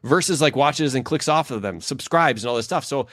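On a podcast, a male co-host and leadership expert tells a family story a little quickly in a mid-range voice, loose and filler-heavy, animatedly acting out the lines people said. The recording is dry and studio quality.

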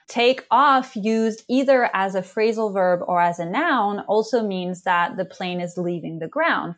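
Woman co-host going over english rules, careful, a few uhs here and there. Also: mid-range voice. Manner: careful explaining with small hesitations. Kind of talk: educational podcast chat.

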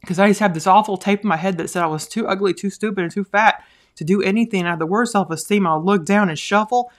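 A woman's voice: medium pitch, fast talker. Rambling, earnest woman podcaster. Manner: rambling, full of "like" and "you know"; earnest, encouraging. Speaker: podcast host. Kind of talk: casual podcast monologue.

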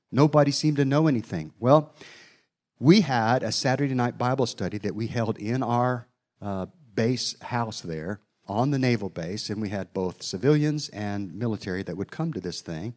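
A man's voice: medium pitch, normal speed, darkish tone. A middle-aged man preaching a sermon, telling a personal story in a folksy way, with asides to his listeners.

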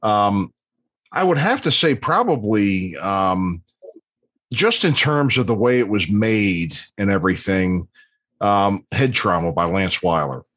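A man's voice: lowish voice, animated, slow, a bit bright, dry recording. A man in his fifties telling long, rambling stories in casual chat, with plenty of ums and restarts. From Baltimore area, USA. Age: 50s.

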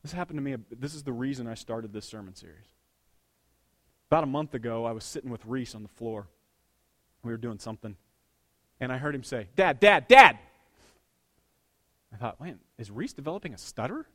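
A man preaching a sermon as a pastor, swinging between hushed, intimate lines and loud, excited bursts. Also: mid-range voice, fairly quick, pauses often.

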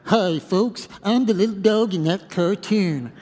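A man imitating a slow, mopey male cartoon dog. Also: sits high, darkish tone, in a large hall. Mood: mournful.

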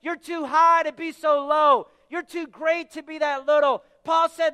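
A man pastor preaching a sermon emphatically, repeating words and shouting key phrases. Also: very high-pitched, little pitch movement, moderate pace, hardly any pauses, long reverb tail.

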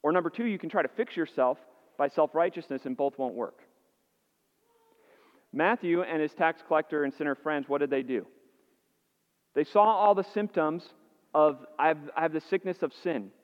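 A man's voice: fairly high pitch, lively intonation, normal speed, pauses often. A male pastor preaching a sermon to his congregation. He asks the listeners earnest rhetorical questions and repeats words as he restarts phrases. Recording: dull, echoey hall sound.

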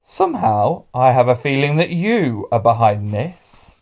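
A man's voice: mid-range voice, sing-song, a little slow, gravelly. A man voicing a kindly, fussy male schoolteacher with magic powers in a storybook reading. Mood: anxious. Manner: gentle, then anxious and cross.

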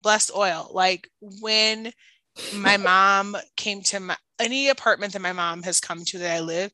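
A woman's voice: medium pitch, steady tone, measured pace, bright, forceful tone, no echo, low-quality recording. A woman with a Chicago accent co-hosting a podcast in casual chat, laughing often and saying "like" a lot. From Chicago area. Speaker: podcast co-host.

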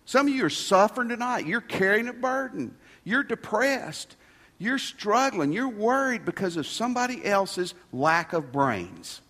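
Folksy preacher in a reverberant hall. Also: male voice, sits high, sing-song, unhurried, bright, forceful tone. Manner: folksy, conversational preaching with rhetorical questions. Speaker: pastor. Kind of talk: sermon. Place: church sanctuary.

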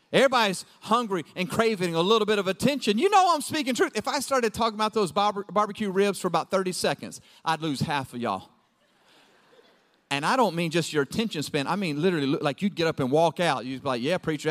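A man preaching a lively sermon, shouting some lines and dropping to low asides as he acts out his listeners. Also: long reverb tail. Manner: acts out quoted voices of the congregation. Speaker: pastor.

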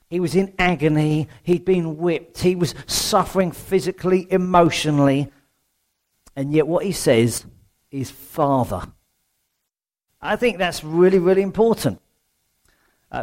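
Chatty man preaching a sermon. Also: sits high. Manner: conversational, asks the congregation questions.

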